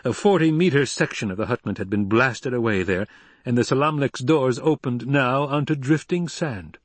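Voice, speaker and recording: A man narrating an audiobook in a steady, even storytelling manner. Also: medium pitch, moderate pace, no room sound. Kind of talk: scripted narration.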